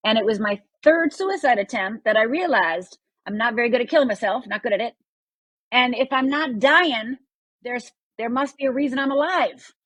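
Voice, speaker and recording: Slightly high-pitched, animated, and fairly bright, this woman speaks at a moderate pace. A life coach in her sixties from Upper Michigan in the United States, she tells a personal story as an interview guest, earnest and emphatic, and acts out quoted voices. The recording is dry and rough.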